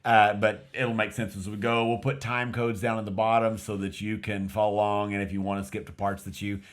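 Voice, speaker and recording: A man's voice: on the low side, flat delivery, fairly quick. A man from West Texas with a light West Texas accent, co-hosting a casual film review and rambling through his thoughts with many restarts. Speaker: podcast co-host.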